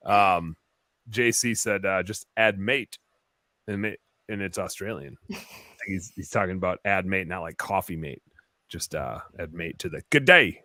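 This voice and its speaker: A man's voice: low-pitched, measured pace, bright, forceful tone, no echo. A man co-hosting a casual live stream, playful and joking as he reads viewer comments. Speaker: co-host reading viewer comments.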